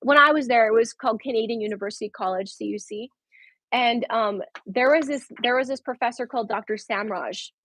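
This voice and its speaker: Brief: female guest, 30s, higher-pitched, animated storyteller who laughs a lot. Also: no echo, low-quality recording. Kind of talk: casual conversation.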